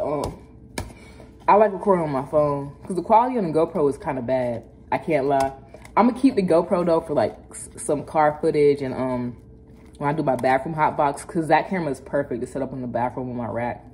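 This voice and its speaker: A woman's voice: rumbling low, darkish tone, a little hiss or hum. A young woman with a Philadelphia accent, chatting loosely and with plenty of slang to her viewers in a casual vlog, filmed on a phone held at arm's length. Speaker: vlogger. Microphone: phone camera at arm's length. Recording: music playing clearly under the voice.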